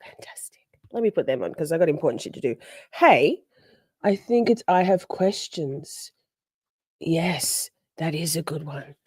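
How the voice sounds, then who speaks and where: Low, animated and a little slow, this Australian livestream host sounds a little mellow with a breathy edge. The studio-quality audio has no room sound as she chats bubbly and foul-mouthed with viewers from home, calling them by name.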